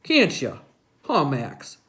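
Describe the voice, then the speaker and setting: A woman voicing a stern, teasing older grandfather with a gruff, folksy way of talking. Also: sits low, huge pitch swings, takes it slowly, fairly bright tone, exaggerated voice.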